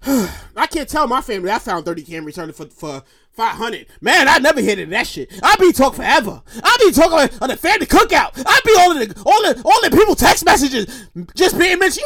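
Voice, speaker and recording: Woman vlogger, high and swooping voice, profane exasperated rant, shouts often. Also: very animated, fairly quick. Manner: acts out others in quoted voices. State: getting breathless, pausing to calm down. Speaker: commentary vlogger. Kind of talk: ranting comedic news commentary.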